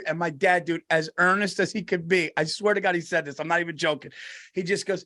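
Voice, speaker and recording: A middle-aged man co-hosting a podcast, telling animated, laughing anecdotes. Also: a little high, quick pace. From United States. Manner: storytelling, laughing, does voices in anecdotes. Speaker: podcast co-host. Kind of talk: casual comedic chat.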